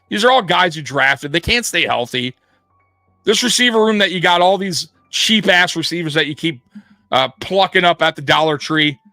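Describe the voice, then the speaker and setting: A man's voice: a little high, pushed and bright, no room sound. A man hosting a sports show, ranting in a blunt, profane, fired-up way. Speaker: sports podcast host. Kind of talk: heated sports rant.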